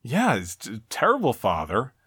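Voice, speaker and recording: Guy narrating game endings for his cohost, lively up and down voice, dry close sound. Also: moderate pace, breathy edge, no room sound. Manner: animated storyteller, acts out quoted lines in shifting pitch. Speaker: podcast co-host. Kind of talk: casual chat, reading out video game ending scenes.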